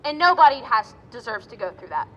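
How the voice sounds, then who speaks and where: A woman's voice: on the high side, very animated, brisk, a bit bright, in a large hall, muffled recording. A woman giving shaken, indignant personal testimony outdoors at a rally. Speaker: rally speaker sharing a personal account.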